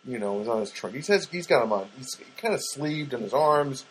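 A man's voice: mid-range voice, animated, brisk, a little hiss or hum, poor audio. A man hosting a podcast, telling a rambling casual story with many fillers and restarts, talking straight to his listeners. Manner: chatty, addresses listeners directly. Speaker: podcast host.

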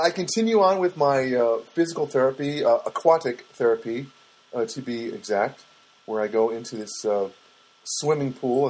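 Husky guy rambling to the camera, lots of uh and um, wry little asides. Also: medium pitch, poor audio. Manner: hesitant, many fillers and restarts, wry asides. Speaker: vlogger. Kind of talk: rambling casual monologue.

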